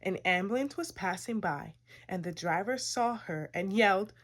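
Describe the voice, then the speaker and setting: A woman reading a children's picture book aloud, expressive and playful, acting out sound effects. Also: medium pitch, moderate pace. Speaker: storytime reader.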